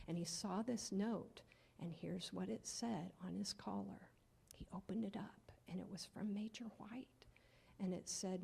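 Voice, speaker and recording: A woman's voice: mid-range voice, steady tone, unhurried, creaky, dark tone, in a large hall. A woman telling a children's story at church, asking the children questions and often dropping to a near-whisper.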